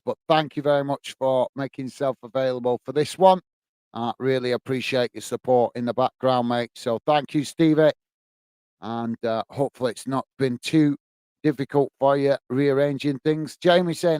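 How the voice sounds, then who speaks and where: A British man hosts a laid-back football watch-along stream, reading viewer comments, greeting people warmly and using lots of fillers while sounding slightly out of breath. His medium-pitched voice is a little mellow, clear and resonant, with no echo.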